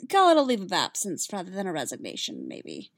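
A calm, gentle male Jedi master with a steady way of talking, voiced by a woman. His lines are reassuring rather than stern. The recording is close and dry. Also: on the low side, fairly quick, creaky, dry recording, heavily acted.

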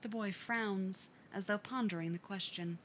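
A woman reading a fan fiction story aloud in an expressive audiobook style. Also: mid-range voice, measured pace. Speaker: story reader.

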